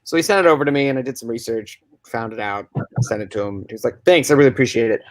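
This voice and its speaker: A man's voice: mid-range voice, animated, fast talker, no echo. A man, a voice actor guest, telling his story in a casual chatty way with many fillers, over a video call. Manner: chatty, full of fillers and restarts. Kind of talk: casual storytelling in a panel chat.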